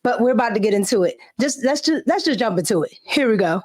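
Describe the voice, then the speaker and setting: A woman's voice: on the high side, expressive, quick pace, a little mellow. A woman host giving sassy, emphatic opinion commentary in casual slang; her family is Cuban.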